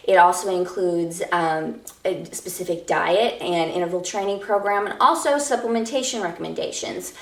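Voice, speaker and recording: A woman's voice: lowish voice, normal speed. Upbeat woman with a Minnesota accent. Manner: upbeat, self-promoting. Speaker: fitness entrepreneur. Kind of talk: casual self-introduction to camera. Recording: roomy, from a distance.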